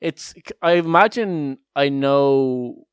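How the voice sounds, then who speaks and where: A man's voice: mid-range voice, slow pace, clean tone, dry recording. Rambling, jokey man. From Ireland. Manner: rambling, jokey, laughs between lines. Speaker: podcast co-host. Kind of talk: casual chat.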